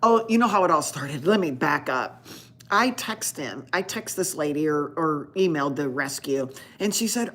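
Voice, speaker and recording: A woman's voice: low voice, animated, moderate pace, fairly bright tone. A woman doctor hosting a live Q&A stream, chatting casually with viewers and telling a rambling story full of restarts.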